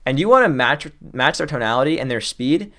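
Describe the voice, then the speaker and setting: A young man teaching cold-calling tips in a casual, excited way, riffing off the top of his head and talking quickly. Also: mid-range voice. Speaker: sales trainer. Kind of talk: fast casual teaching to camera.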